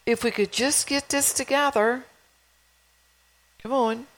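A woman's voice: high voice, fairly even intonation, slow pace, low-quality recording. A woman preaching a sermon in a conversational way, reading scripture and telling stories from her own home life.

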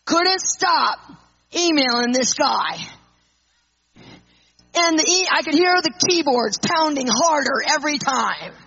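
A woman speaker telling an animated personal testimony to an audience, acting out the people in it. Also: high voice, takes it slowly, long pauses. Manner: animated storyteller, acts out quotes. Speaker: Christian speaker. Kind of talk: storytelling testimony. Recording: muffled lo-fi recording.

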